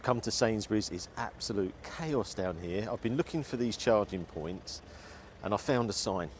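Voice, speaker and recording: A man's voice: on the low side, lively intonation, normal speed, a little hiss or hum. Frustrated man venting while driving. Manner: frustrated, venting and muttering to himself. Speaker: car vlogger. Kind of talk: exasperated driving vlog. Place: in a car.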